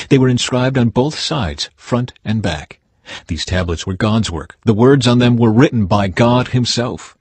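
A man giving a steady, measured scripted reading of a Bible chapter. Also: medium pitch, breathy edge, dry recording. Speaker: Bible reader.

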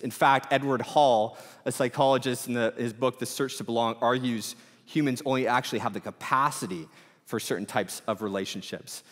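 A man's voice: mid-range voice, fairly quick. Male pastor in his thirties, easygoing conversational preacher, big reverberant room. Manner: casual, animated preaching with many fillers. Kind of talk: sermon. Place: church auditorium. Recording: reverberant church hall.

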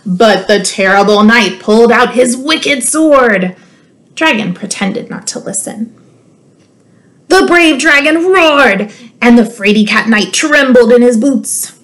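With a slightly high voice and a somewhat slow pace, a woman school librarian reads a children's story aloud. She's expressive and playful, teasing her listeners with asides.

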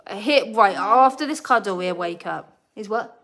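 A woman's voice: medium pitch, animated, measured pace. A British woman chatting casually to her viewers and scolding her pet bird between sentences. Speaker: pet bird owner and channel host. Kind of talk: casual live chat with viewers. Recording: loud parrot squawks and clicks behind her. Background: parrot squawking.

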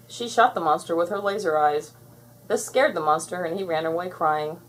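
A woman narrating a children's storybook aloud in an expressive, clear storytelling manner. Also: on the low side, a little fast, poor audio. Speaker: storybook reader.

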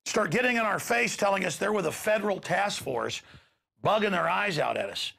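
A man's voice: high-pitched, lively intonation, moderate pace, gravelly, sharp tone. A man hosting a talk show, giving an impassioned, ranting monologue and acting out quoted exchanges.

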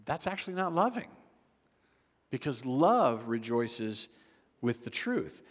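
A man's voice: medium pitch, big pitch swings, slow pace. A man preaching a sermon as pastor, in a conversational style with frequent restarts. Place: church sanctuary. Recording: long church hall reverb.

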